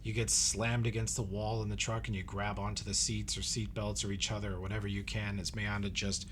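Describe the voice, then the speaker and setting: A man's voice: on the low side, flat delivery, a little fast, a bit bright, slight background noise. A man narrating as game master of a tabletop game, describing the scene in vivid detail.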